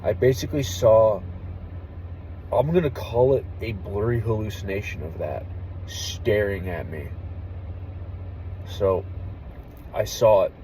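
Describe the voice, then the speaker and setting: A young man, an army veteran, telling a story casually and candidly, with plenty of swearing and a hushed drop in voice at the tense parts. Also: fairly low pitch, slow pace, pauses often, slight background noise, low-quality recording. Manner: candid, profane, drops to a hush for tense moments.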